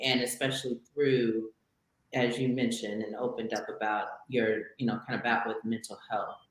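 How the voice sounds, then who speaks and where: Woman interview host, low slow delivery, encouraging, heavy room echo. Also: fairly bright tone. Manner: encouraging, affirming. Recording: very echoey room.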